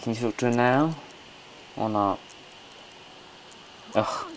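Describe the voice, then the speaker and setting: A man's voice: medium pitch, expressive, takes it slowly, a little hiss or hum. A man hosting a casual gameplay commentary from home, chatty, coaxing and scolding his game characters. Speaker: let's play host.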